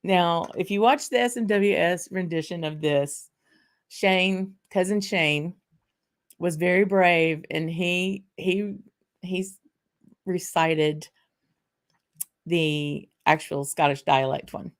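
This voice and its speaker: Unhurried low-voiced Louisiana woman. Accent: South Louisiana. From South Louisiana. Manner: chatty, laughing, halting with fillers. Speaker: whisky show host. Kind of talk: casual chat and dramatic poem reading.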